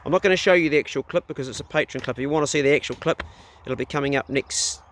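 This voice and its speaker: A man's voice: on the high side, very fast, fairly bright tone. A middle-aged man with a New Zealand accent talks bluntly to camera in a casual vlog, swearing freely. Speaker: vlogger.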